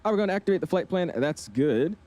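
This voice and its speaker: Laid-back man streaming, mellow voice. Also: high-pitched, very animated, fast talker. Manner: laid-back, slangy, keeps calling the chat "man" and "dude". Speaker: flight sim live streamer. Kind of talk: casual live-stream chat.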